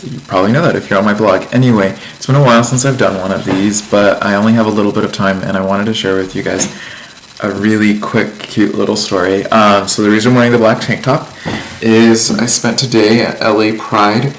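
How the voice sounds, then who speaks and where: Chatting his way through a life update, a male vlogger rambles amusedly through a story with plenty of likes and ums. His voice is on the low side, level in tone and a little fast, over a rough recording with slight background noise.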